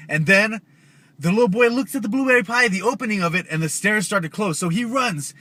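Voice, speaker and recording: A man's voice: sits high, animated, a little fast, sharp tone. A young man telling a scary story casually to his viewers, loose and chatty with slang asides. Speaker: YouTuber.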